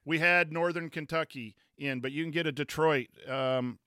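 A man's voice: fairly high pitch, normal speed, bright, forceful tone, clean tone, no echo, studio quality. A man, a former coach co-hosting a casual sports chat, rambling with many fillers and restarts. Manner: reads chat comments aloud. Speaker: podcast co-host, former coach.

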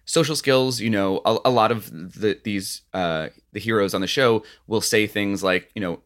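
A man's voice: on the low side, moderate pace, a bit bright. A man in his thirties co-hosting a podcast in casual chat, rambling with many restarts and "you know"s. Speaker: podcast co-host.

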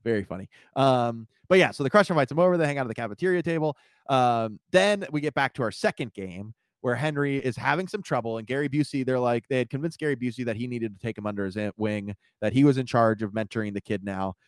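A man's voice: medium pitch, fast, no echo, studio quality. A man co-hosting a podcast, reviewing a movie in a loose, rambling way, laughing often and swearing casually. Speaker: podcast co-host.

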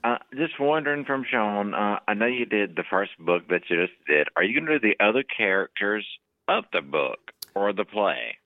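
A man's voice: fairly low pitch, very animated, normal speed, no room sound. A man from North Carolina calling into a talk show, laid-back and chuckling. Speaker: phone caller. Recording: tinny, dry phone line.

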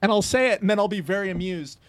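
A man with a high, lively voice tells a self-mocking story as a guest on a podcast. He acts out the quotes in his story. The sound is dry and close. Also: quick pace, no echo. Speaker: guest screenwriter. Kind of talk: casual podcast chat, telling a story.

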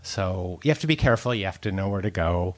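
Male food writer, casual guest, chatty, somewhat low register. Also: animated, fast talker. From United States. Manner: chatty, laughs often, many likes and ums. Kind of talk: casual interview chat.

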